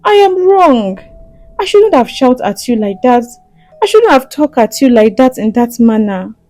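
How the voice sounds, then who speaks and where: A woman voicing a hot-tempered young wife who snaps and then pleads in halting restarts. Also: fairly high pitch, very animated, mellow, no room sound. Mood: pleading.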